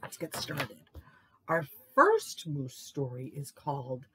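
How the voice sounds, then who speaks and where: A woman librarian reading picture books aloud in an animated, expressive way for children's story time. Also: low voice, slow pace, breathy edge.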